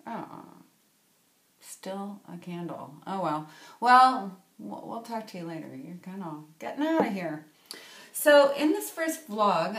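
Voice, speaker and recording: A woman's voice: medium pitch, reverberant. A woman, a cookbook author chatting playfully through a casual cooking vlog and tossing in French words. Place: home kitchen.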